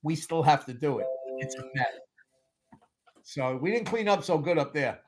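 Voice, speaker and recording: A man in a casual interview, telling lively stories about making films and acting out what people said. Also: a little high, moderate pace, slight background noise. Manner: animated storyteller, acts out quotes, laughs often. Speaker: film producer guest.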